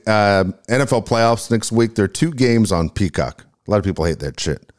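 A man's voice: on the low side, animated, normal speed. A middle-aged man co-hosting a casual talk show, blunt and matter-of-fact about sports and travel. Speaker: podcast co-host. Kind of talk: casual chat.

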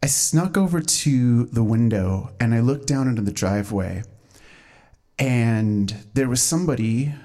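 A man doing stand-up, telling a story at a measured pace with small hesitations. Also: medium pitch, animated, dark tone. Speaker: stand-up comedian.

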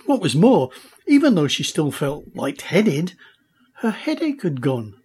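Brief: husky, slow-paced male narrator for a children's audiobook, lively pitch. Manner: expressive, unhurried. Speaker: audiobook reader. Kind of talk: storybook narration.

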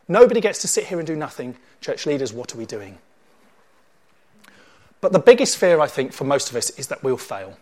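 Man, sermon, animated storytelling. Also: medium pitch. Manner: animated storyteller, acts out scenes. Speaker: preacher.

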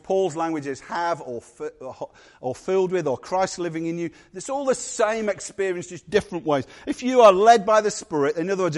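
A man preaching a sermon to his church, animated and jokey, acting out little voices. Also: a little high. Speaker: pastor.

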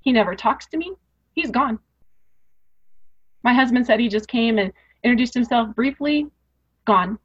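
A woman with a fairly high voice tells a painful personal story as an interview guest. She is earnest and emotional and circles back on the same phrases to stress them. The audio is muffled and lo-fi, like a modest podcast setup. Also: expressive, moderate pace, long pauses, breathy edge. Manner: earnest, repeats phrases for emphasis; emotional, rising intensity.

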